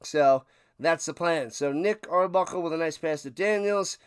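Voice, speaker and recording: A man streaming a live football watch party, giving casual play-by-play commentary and bursting into loud calls. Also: on the high side, moderate pace, clear, resonant tone, dry recording.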